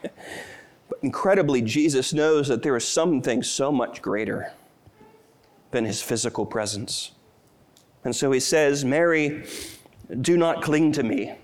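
A man's voice: medium pitch, a little slow, pauses often. A middle-aged man preaching a sermon as pastor, earnest and tender, rising to emotional peaks.

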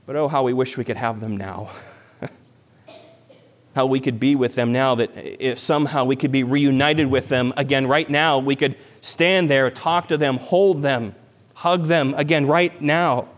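A man's voice: medium pitch, steady tone, unhurried. A man preaching a sermon as a pastor, earnest and building to emphatic peaks. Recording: long hall reverb.

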